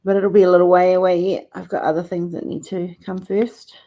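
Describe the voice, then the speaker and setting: A woman's voice: on the low side, flat delivery, a little fast, highs cut off. A middle-aged woman hosting a casual livestream, chatting affectionately with viewers and laughing often. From Australia or New Zealand. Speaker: livestream host. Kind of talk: casual live chat with viewers.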